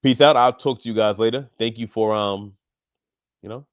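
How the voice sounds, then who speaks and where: A man's voice: fairly low pitch, normal speed, dry recording, studio quality. A young man hosting a live stream as a fitness coach, chatting casually and encouraging callers, laughing often. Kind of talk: casual livestream chat.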